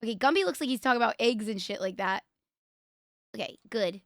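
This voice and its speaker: A bright, high-voiced young woman hosting a live stream. She reacts in excited bursts, swearing freely and dissolving into laughs. Her voice sounds close and dry. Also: brisk, no room sound. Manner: excitable, profane, breaks into laughter. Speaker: livestream host. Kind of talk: casual stream reaction commentary.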